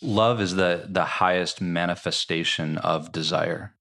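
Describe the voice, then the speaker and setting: Male author as interview guest, low voice, reflective and explanatory. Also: fairly even intonation, unhurried, creaky, pushed and bright. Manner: thoughtful, explaining ideas with many filler likes.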